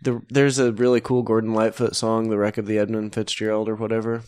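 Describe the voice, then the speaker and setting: A man's voice: lowish voice, little pitch movement, brisk, darkish tone, smooth. A man co-hosting a podcast, chatting casually with a rambling, laid-back manner and humming bits of tunes. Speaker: podcast co-host. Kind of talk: casual chat.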